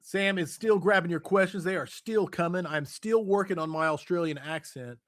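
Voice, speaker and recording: A man's voice: high voice, moderate pace, fairly bright tone. A man hosting a podcast, enthusiastic and casual, reading out listener questions while getting over an illness. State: recovering from illness. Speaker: podcast host.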